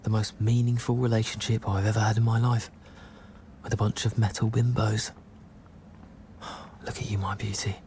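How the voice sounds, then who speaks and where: A man's voice: on the low side, little pitch movement, moderate pace, pauses often, a little mellow, a little hiss or hum, lightly acted. A man voicing a wry British inner monologue. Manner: wry, self-mocking, reflective. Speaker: character narrating inner thoughts in a game.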